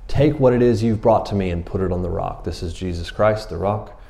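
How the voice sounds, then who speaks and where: A middle-aged man preaching a sermon, telling a story in a casual, animated way with slang and laughs. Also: deep voice, fairly quick, gravelly. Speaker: pastor.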